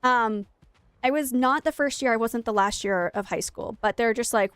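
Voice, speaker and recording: A woman's voice: medium pitch, a little fast, a bit bright, clear, resonant tone, no echo. A young woman streamer chatting casually while gaming, telling a rambling, self-mocking story.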